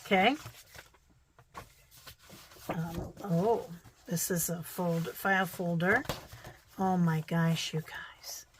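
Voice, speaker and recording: A woman's voice: lowish voice, steady tone, very slow, pauses often, background noise. A middle-aged woman with a Midwestern American accent, chatting casually as she shows old quilting magazines, thinking aloud with fillers and little exclamations. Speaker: vlogger.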